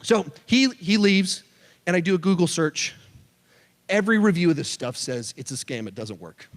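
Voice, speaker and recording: A youth pastor delivers a sermon with a light, high-pitched voice that swoops up and down as he tells his stories. He keeps it animated and throws in joking asides. The sound rings with the long reverb of a big church hall. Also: normal speed. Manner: animated storyteller, jokey asides. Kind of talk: sermon to a student audience.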